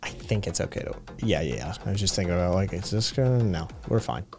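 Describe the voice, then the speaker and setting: Tennessee dude streaming, rambly and swears a lot, casual chat. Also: male voice, low-pitched, expressive, fast, darkish tone, soft background music. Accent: northeast Tennessee. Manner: loose, profane, rambling.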